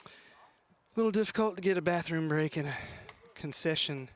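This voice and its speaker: A man doing local play-by-play of a high school soccer game, out of breath and chatty, with folksy asides. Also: fairly quick, no room sound. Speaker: play-by-play commentator. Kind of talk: local sports commentary. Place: press box at outdoor field.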